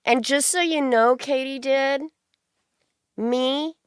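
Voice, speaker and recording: A woman's voice: high voice, takes it slowly, dry recording, clean studio sound. A woman hosting a stream, giving a profane, mocking commentary rant.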